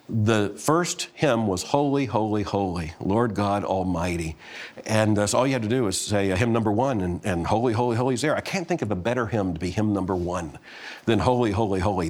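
Middle-aged preacher, earnest, scripture reading and teaching, mid pitch. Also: male voice. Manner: reads scripture aloud, then explains it in an earnest teaching tone. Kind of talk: sermon.

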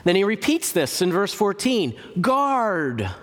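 Slow, emphatic male preacher in a hall. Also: high-pitched, very animated, a bit bright. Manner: slow and emphatic, repeating key words with long pauses. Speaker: church historian and lecturer. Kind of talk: teaching sermon. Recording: reverberant hall recording.

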